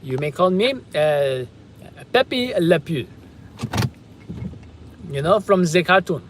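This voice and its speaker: A man's voice: a little high, very animated, takes it slowly, noisy background. A man putting on a mock French accent to voice a cartoon skunk lothario in a playful, hammy way.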